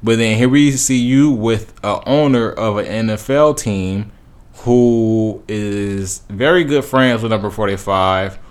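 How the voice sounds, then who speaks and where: A man's voice: on the low side, unhurried, clean tone. A man giving casual, rambling opinion commentary as a podcast host, with many fillers and restarts.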